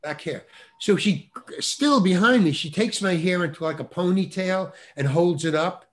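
A man's voice: high voice, moderate pace, a bit bright. An older man, a working actor, telling an anecdote as a guest and acting out the voices of the people in it. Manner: acts out quoted voices, laughs often. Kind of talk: animated storytelling.

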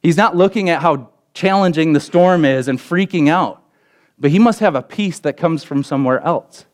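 A young adult man, a pastor, preaching a sermon and telling a story with lively acted quotes. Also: normal speed. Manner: storytelling with acted quotes, pitch jumping up in excited parts.

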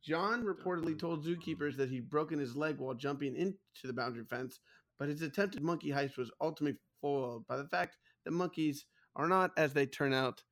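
A man's voice: a little high, brisk, fairly bright tone. Man hosting a comedy podcast. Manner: comic storytelling, laughing at his own punchlines. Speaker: podcast host. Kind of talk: casual chat, reading news stories.

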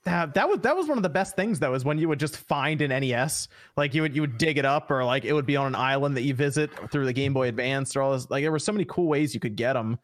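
A man's voice: mid-range voice, animated, quick pace, hardly any pauses. A man hosting a casual gaming podcast, rambling and laughing often. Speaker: podcast host.

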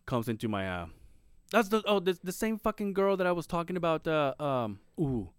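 A man's voice: fairly high pitch, normal speed, clean tone, no echo. Podcast guy telling stories, voice jumps all over, swears a ton, dry close mic. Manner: animated, swears a lot, acts out quotes. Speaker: podcast co-host. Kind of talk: casual chat, storytelling.

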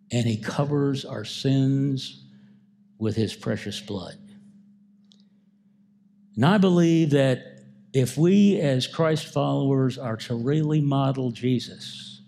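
Male pastor, sermon delivery, unhurried and warm-toned. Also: fairly high pitch. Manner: slow, emphatic preaching with repeated phrases.

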